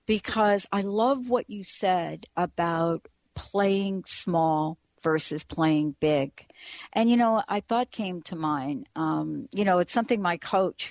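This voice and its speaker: A woman's voice: lowish voice, dry recording. A woman hosting a talk radio show, chatting casually and rambling with frequent restarts.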